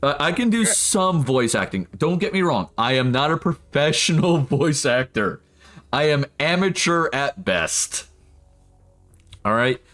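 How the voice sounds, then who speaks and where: A man's voice: fairly high pitch, big pitch swings, measured pace, fairly bright tone, faint music behind. A man streaming a game, chatting casually and laughing often as he rambles. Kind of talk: casual live-stream chat.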